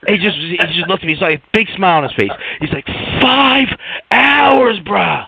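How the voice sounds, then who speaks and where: A man's voice: a little high, fast talker, gravelly, breathy edge, lo-fi sound. A man co-hosting a podcast, telling a story in casual chat, swearing often and mimicking the people in it. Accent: New York. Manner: animated, swearing, mimics a coworker. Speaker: podcast co-host.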